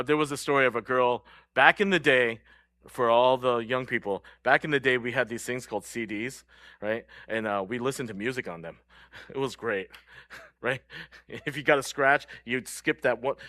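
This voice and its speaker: A man's voice: mid-range voice, pushed and bright, no echo, clean studio sound. A young adult man preaching a sermon in a casual, joking way, laughing often. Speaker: pastor.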